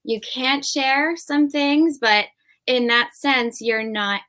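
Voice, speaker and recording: A woman's voice: high voice, slow, pushed and bright. Earnest woman guest on a podcast. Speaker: guest speaker. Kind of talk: casual podcast interview.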